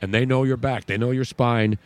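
A man's voice: mid-range voice, steady tone, fairly quick, a little mellow. A man hosting a radio talk show, chatting and reading ads in an emphatic, repetitive way. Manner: chatty, emphatic, repeats words for stress. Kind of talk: casual sports talk with live ad reads.

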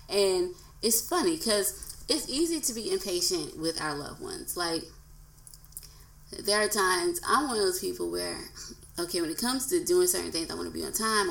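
Earnest woman podcaster with a gravelly voice. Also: on the low side, a bit bright. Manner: earnest and conversational, acts out quoted voices. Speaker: podcast host. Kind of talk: casual solo podcast talk. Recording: echoey room.

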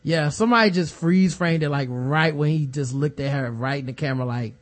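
Animated, profane podcast co-host man. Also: a little high, a little fast. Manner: animated, profane, acts out quoted people. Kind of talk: casual chat.

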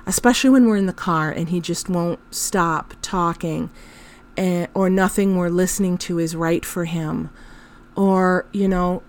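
A woman's voice: fairly low pitch, measured pace. A woman hosting a podcast, telling a personal story in a candid, emotional way, with frank swearing and laughter through her telling. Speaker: podcast host.

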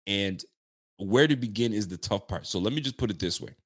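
On a late-night post-game livestream, a sports fan show host rants emphatically, reading viewer messages aloud and answering them. His voice is lowish with lively intonation and a brisk pace, and though he's fired up, he keeps the volume down.

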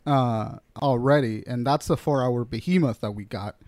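A man's voice: medium pitch, normal speed, darkish tone, dry recording. A man co-hosting a casual podcast chat, bantering bluntly and joking. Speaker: podcast co-host.

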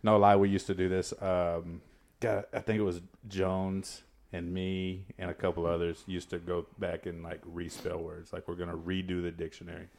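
A man's voice: low-pitched, little pitch movement, moderate pace, creaky, a little mellow. A man who is a podcast guest, sharing a laid-back anecdote in casual chat.

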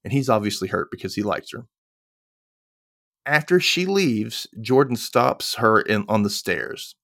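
Recorded in studio quality without room sound, this podcast host has a lowish voice with vocal fry. Walking through a TV episode casually, he voices characters' lines in quick asides as he retells the scenes.

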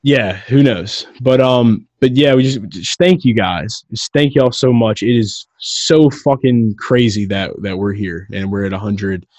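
A man co-hosting a casual podcast, talking in an excitable, rambling way and swearing freely. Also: fairly low pitch, measured pace, few pauses, no room sound. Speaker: podcast co-host.

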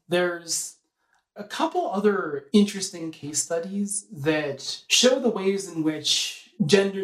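A historian giving a measured, lecturing interview answer. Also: mid-range voice, roomy sound, poor audio.

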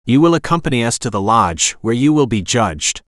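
A man reading the lines of a stern, authoritative older woman, a former marshal with a deep voice and a snide, cold way of talking. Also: big pitch swings, brisk, a bit bright, no echo, studio quality. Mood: accusing.

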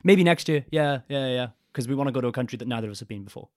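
A young man, a podcast guest, telling a travel story in a casual, animated way. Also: medium pitch, very fast, no room sound, studio quality. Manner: animated, acts out quoted voices.

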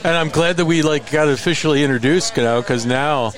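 A man's voice: on the high side, brisk, music in the background. A man hosting a casual podcast, joking and teasing his guests. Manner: joking, animated, reads sponsor ads. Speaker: podcast host. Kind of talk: casual chat.

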